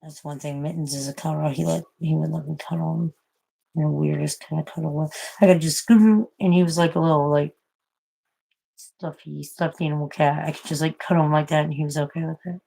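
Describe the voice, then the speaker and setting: Gravelly low-voiced woman rambling to camera. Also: steady tone, fairly quick, mellow, poor audio. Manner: swears freely, coos at her pets in baby talk. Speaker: vlogger. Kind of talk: casual rambling chat.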